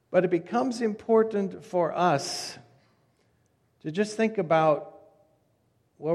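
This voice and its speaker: A man preaching a sermon as pastor, telling stories conversationally, with his voice dropping soft at the ends of phrases. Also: on the high side. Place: church sanctuary. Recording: long reverb of a church hall.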